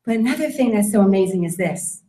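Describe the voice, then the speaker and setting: A woman's voice: mid-range voice, expressive, fast, mellow, slight background noise. A woman giving an emphatic sales presentation to a room, repeating her key points. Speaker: network marketing presenter. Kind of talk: sales pitch talk to a room. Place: meeting room with audience. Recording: echoey room.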